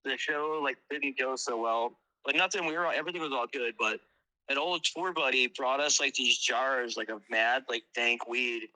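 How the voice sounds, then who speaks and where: A man who is a guest musician, telling tour stories in a casual interview, animated and swearing freely. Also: mid-range voice, normal speed, low-quality recording.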